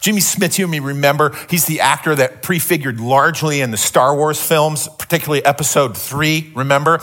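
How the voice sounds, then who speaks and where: A man's voice: on the high side, brisk, a bit bright. A middle-aged man preaching a sermon, telling a story with many restarts before teaching. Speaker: pastor.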